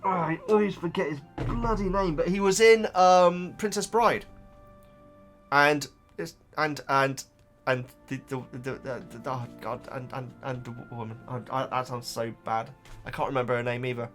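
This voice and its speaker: A man's voice: mid-range voice, moderate pace, a bit bright, faint music behind. A man chatting casually as a YouTube reactor, reading out viewer comments and rambling, often stumbling over repeated words. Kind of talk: casual chat.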